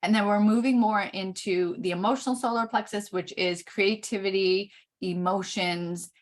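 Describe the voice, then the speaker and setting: A middle-aged woman giving a chart reading, explaining each point slowly with frequent pauses. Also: mid-range voice, fairly even intonation. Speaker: Human Design reader.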